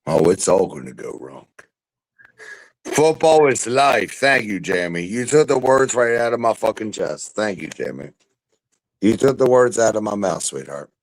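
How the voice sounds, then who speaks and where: A young man in casual chat, ranting loudly and profanely about football. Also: fairly low pitch, expressive, moderate pace, poor audio. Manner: loud, profane football rants. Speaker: podcast panelist.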